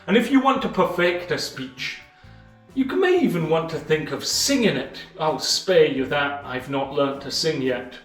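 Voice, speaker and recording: A man with a slightly raised voice explains a book in a measured way, leaning on pauses and emphasis. He sits a little back from the mic in an echoey room. Soft music plays faintly behind him. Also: on the high side, big pitch swings, far from the mic. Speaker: channel host summarizing a book. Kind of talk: explanatory book-summary monologue.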